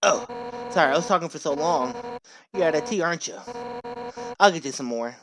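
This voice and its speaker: A man's voice: fairly high pitch, lively intonation, brisk, voice pushed down. A man voicing a brash, blunt fish warrior woman who leads a royal guard, reading game dialogue aloud over game music. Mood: frank.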